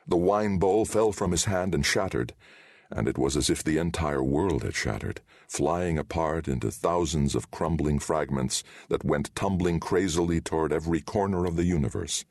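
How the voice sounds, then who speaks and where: A man narrating a fantasy audiobook with a dramatic, expressive reading. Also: low-pitched, breathy edge, dry recording, studio quality.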